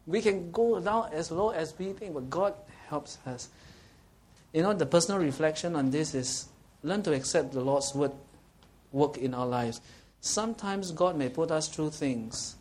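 A pastor delivers a sermon in a fairly high voice, a bit above the usual male range. His preaching is anecdotal and animated: he tells stories with laughter, slows down to read scripture, and keeps posing rhetorical questions to the listeners.

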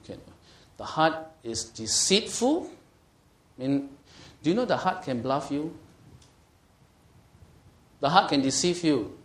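A man with a slightly high voice leads a Bible study, unhurried and with long pauses, reading scripture aloud and asking the group questions. As he explains, he grows animated and emphatic, stretching key words, and the room sounds echoey.

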